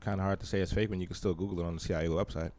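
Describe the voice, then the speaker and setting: A man's voice: low voice, fairly even intonation, racing, a little mellow. A man hosting a podcast in casual chat, joking and swearing as he rambles through stories. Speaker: podcast host.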